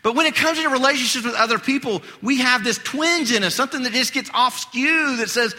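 A male pastor giving an animated, conversational sermon, his voice getting hoarse. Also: very high-pitched, a little fast, hardly any pauses. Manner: animated, conversational preaching with acted-out quotes. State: losing his voice. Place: church sanctuary. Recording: long hall reverb.

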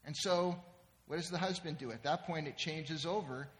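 A man's voice: a little high, moderate pace. A man preaching a sermon in a conversational way, often checking in with the congregation. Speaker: pastor. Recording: long reverb in a large hall.

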